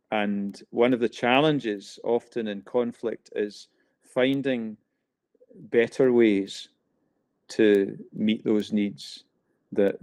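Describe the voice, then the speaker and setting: A man with a Scottish accent hosting a podcast, asking gentle questions in a conversational interview. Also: fairly low pitch. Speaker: podcast co-host.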